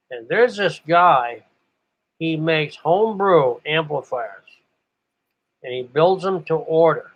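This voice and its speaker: A man's voice: fairly high pitch, a bit bright. An older man from New England rambles through old memories with a slightly raised voice, often stopping to hunt for names. The recording sounds dull and lo-fi. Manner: meandering, searches for names aloud. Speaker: radio operator. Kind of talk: rambling reminiscence. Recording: muffled lo-fi recording.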